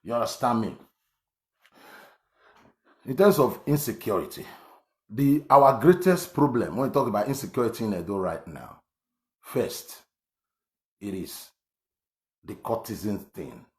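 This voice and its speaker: A man's voice: on the low side, big pitch swings, measured pace, long pauses. Emphatic Nigerian man in an echoey room. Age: around 50. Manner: emphatic and repetitive, many fillers and restarts. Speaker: online commentator. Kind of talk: political commentary monologue.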